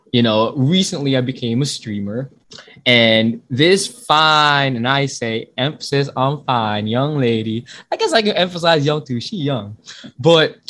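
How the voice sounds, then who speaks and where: Rambling, animated young male podcast host. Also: medium pitch. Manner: rambling, self-deprecating, swears freely. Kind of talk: casual podcast chat.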